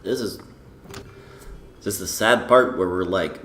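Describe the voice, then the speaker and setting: A man's voice: low voice, unhurried, a bit bright, roomy sound, slight background noise. A man doing a brash, profane, boastful impression of a football commentator while playing a video game. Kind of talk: comedic let's-play commentary.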